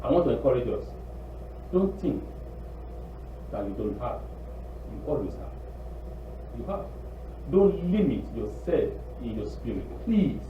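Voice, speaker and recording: A man preaching a sermon in an animated, pleading way, acting out quotes. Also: medium pitch, unhurried, long pauses, far from the mic, slight background noise. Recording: tinny echoey room recording from afar.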